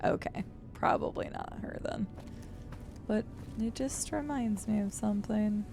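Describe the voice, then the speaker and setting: A young woman streamer chatting casually while playing a game, thinking out loud and greeting her viewers. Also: mid-range voice, unhurried, vocal fry, over music. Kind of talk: casual chat while gaming.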